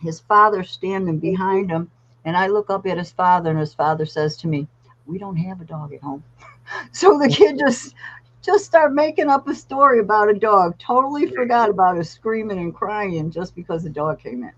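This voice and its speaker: A woman trainer tells animated podcast stories and acts out the voices in her tales. Her voice sits in a middle pitch range. The recording sounds dull and lo-fi. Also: moderate pace. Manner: animated storyteller acting out voices. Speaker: therapy dog trainer, guest. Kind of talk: podcast storytelling.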